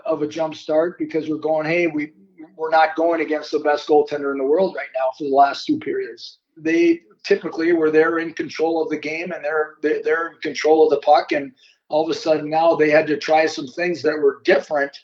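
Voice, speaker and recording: An older man looking back in an interview, speaking in a measured, searching manner with a fairly high voice. The recording is dull and lo-fi. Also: darkish tone. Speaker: former hockey player. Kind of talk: reflective interview.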